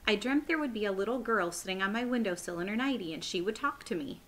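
A woman reading aloud, voicing a composed, regal older queen who asks measured, polite questions. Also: mid-range voice, lively intonation, fairly bright tone, lightly acted. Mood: puzzled, wondering.

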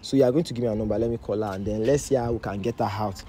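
A man's voice: lowish voice, steady tone, rapid-fire, mellow, a little hiss or hum. A man with a Nigerian accent hosting a staged deliverance video, earnestly speaking to camera and mediating. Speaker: pastor, host.

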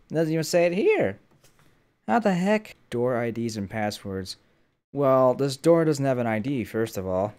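A man's voice: mid-range voice, very animated, a little slow, darkish tone, smooth. A young man hosting a gaming channel, wearing headphones and talking to himself with jokey running commentary as he plays. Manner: jokey running self-talk. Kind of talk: gameplay commentary. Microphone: headphones with mic.

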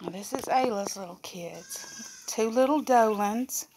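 A woman's voice: medium pitch, measured pace, heavy background noise. A woman who breeds goats, chatting casually and cooing affectionately to her animals. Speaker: goat breeder and vlogger.

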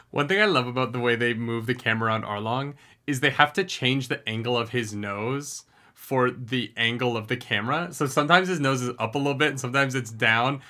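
A young man hosting a casual anime reaction video, chatty and energetic, now and then singing along loudly. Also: mid-range voice, a little fast. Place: home recording room.

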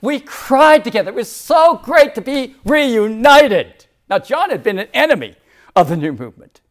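A man in his sixties preaching a sermon as church leader, swinging from loud declarations to near whispers. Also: very high-pitched, very animated, normal speed. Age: 60s.

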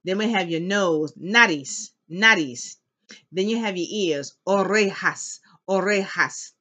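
A woman teaching an elementary Spanish class, slowly modeling words for students to repeat and cheering them on. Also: medium pitch, bright, forceful tone. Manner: upbeat and encouraging. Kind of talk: classroom language lesson. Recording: dull lo-fi classroom recording.

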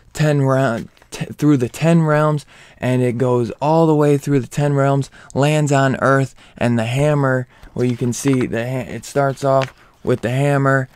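A man's voice: medium pitch, a little mellow, clean tone, no room sound. A man giving a casual comic book spoiler review, slangy and profane, hyped up and rambling with lots of restarts.

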